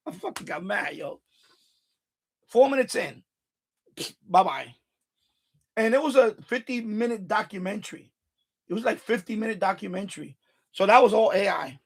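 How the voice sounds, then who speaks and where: A man from Puerto Rico hosting a casual live stream chat, animated and profane, stumbling over restarts as he talks. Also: sits high, moderate pace, vocal fry, long pauses, husky.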